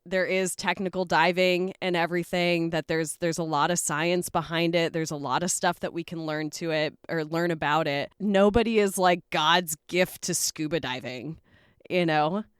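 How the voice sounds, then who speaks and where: A woman's voice: lowish voice, moderate pace, clean tone, dry recording, studio quality. Candid woman hosting a round-table chat. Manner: candid, self-mocking, animated. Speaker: podcast host.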